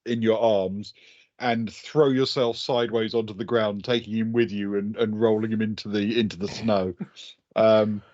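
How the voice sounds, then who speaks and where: A man's voice: lowish voice, steady tone, moderate pace, darkish tone, no echo, muffled recording. A man narrating as game master of a tabletop game, chuckling and hesitating with many fillers.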